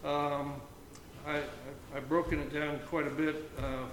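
A man with a slightly raised pitch leads an informal Bible study, speaking very slowly and stopping often to restart his phrases. He reads the scripture aloud with care. The recording is echoey, with faint ambient noise behind him. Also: flat delivery, fairly bright tone, far from the mic. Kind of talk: informal Bible reading and reflection.

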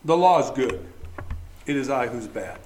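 Animated male preacher in an echoey room. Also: medium pitch, moderate pace. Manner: animated preaching with rhetorical questions. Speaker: pastor. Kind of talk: sermon.

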